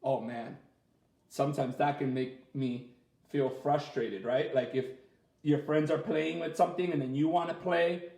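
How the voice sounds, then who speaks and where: A man, a martial arts instructor, reading a picture book aloud to children in a gentle, expressive way and asking them questions as he goes. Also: a little high, unhurried, gravelly. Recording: echoey room, far from the mic.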